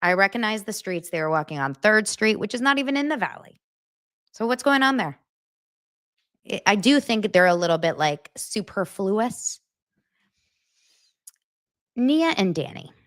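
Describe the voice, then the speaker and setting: A chatty woman hosting a gossip podcast, her pitch swooping high and low as she talks. She sits at a mid-range pitch and talks straight to her listeners in a loose, animated way. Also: moderate pace, pauses often. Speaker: podcast host. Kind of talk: casual gossip chat.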